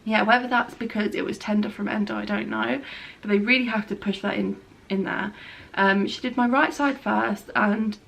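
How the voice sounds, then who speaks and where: Chatty woman with a gravelly voice. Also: medium pitch, steady tone, moderate pace, fairly bright tone. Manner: chatty and rambling, with frequent filler words. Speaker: vlogger. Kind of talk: casual spoken update. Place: at home, by a bed.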